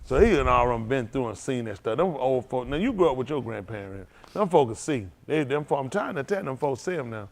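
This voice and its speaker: A man, a preacher telling loose, animated stories to his congregation, laughing often and repeating himself as he goes. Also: mid-range voice, brisk, vocal fry, few pauses. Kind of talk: loose storytelling sermon.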